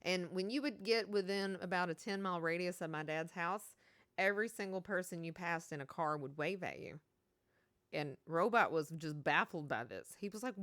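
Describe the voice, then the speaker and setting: A woman's voice: on the low side, expressive, normal speed, fairly bright tone, no room sound. A woman from Kentucky with a Kentucky accent, chatting casually on a stream and reading out chat, rambling and laughing as she talks.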